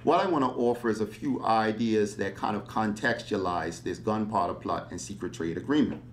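A man giving a public history lecture, animated and fond of rhetorical questions. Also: lowish voice, moderate pace, a little hiss or hum.

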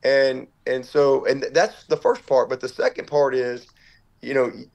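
Gravelly man telling a story. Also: mid-range voice, steady tone, moderate pace, a little mellow. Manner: earnest, tumbling storyteller who acts out what others said. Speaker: football head coach, podcast guest. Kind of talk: storytelling in an interview.

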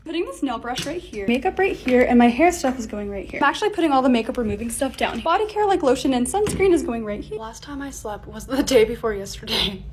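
Bubbly, quick, high-voiced young woman. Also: animated, darkish tone, slight background noise. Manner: bubbly, gushing, self-mocking asides. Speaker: lifestyle vlogger. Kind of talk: casual vlog voice-over narration.

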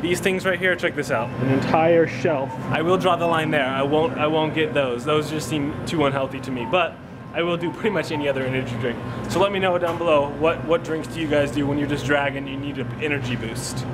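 A man vlogs into a handheld camera, keeping up an easy chatty stream and asking his viewers questions. His voice sits a bit high. Plenty of background noise runs under it. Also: a little fast. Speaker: vlogger. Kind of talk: casual vlog chat. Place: in a car and a convenience store.

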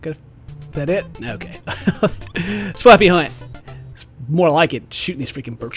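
A man giving excitable let's play commentary at home, yelping and laughing at the games he plays. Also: a little high, normal speed, slightly rough, dry recording, soft background music. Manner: excitable, yelps and laughs at the game. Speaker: gaming YouTuber.

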